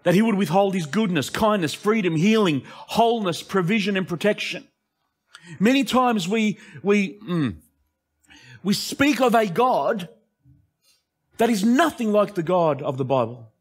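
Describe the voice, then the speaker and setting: A male pastor preaching an impassioned sermon that swings between emphatic lines and hushed asides. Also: high-pitched, lively intonation, a little slow.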